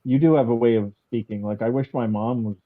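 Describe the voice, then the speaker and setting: A man's voice: medium pitch, fairly quick, narrow, tinny audio. A man hosting a casual chat, joking around in a hesitant way with many ums and likes. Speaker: host.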